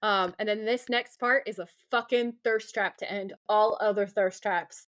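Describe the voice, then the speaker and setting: A woman's voice: mid-range voice, fairly even intonation, moderate pace, a bit bright. A woman co-hosting a podcast, casually recapping a TV episode, swearing freely and acting out quoted lines. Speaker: podcast co-host.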